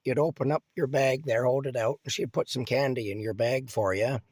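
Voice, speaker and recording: A man's voice: medium pitch, steady tone, fairly quick, a little mellow, husky, no echo. A man casually reminiscing about his childhood hometown, rambling with fillers, restarts and chuckles. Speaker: storyteller.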